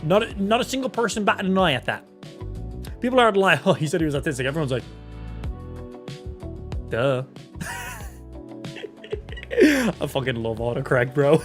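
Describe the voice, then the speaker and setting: A man's voice: fairly high pitch, big pitch swings, normal speed, pauses often, faint music behind. A young Irish man in his twenties chatting casually on a live stream, swearing freely and reacting to chat. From Ireland. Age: 20s. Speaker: gaming streamer.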